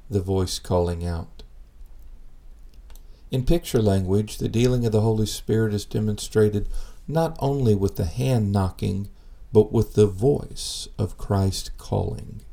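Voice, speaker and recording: Low gravelly-voiced male preacher. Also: mellow. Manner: earnest, measured, rhetorical questions. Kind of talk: sermon.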